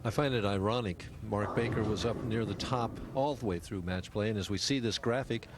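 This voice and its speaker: Low voiced guy doing laid back bowling color commentary, hissy old tv sound. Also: a little fast. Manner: relaxed, analytical color commentary. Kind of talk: sports commentary. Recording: noisy old TV broadcast.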